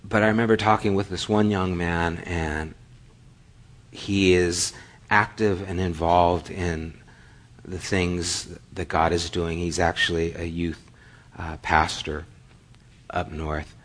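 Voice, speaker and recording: A man's voice: deep voice, fairly even intonation, takes it slowly, a bit bright, a little hiss or hum. A middle-aged male pastor preaching a sermon, telling stories animatedly and acting out the dialogue. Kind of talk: sermon with storytelling.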